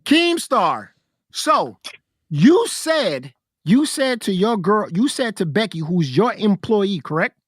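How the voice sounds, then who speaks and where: High-voiced man arguing, dry close sound. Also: sing-song, slow pace, husky, no echo. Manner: confrontational, repeats himself to interrupt. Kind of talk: heated casual debate.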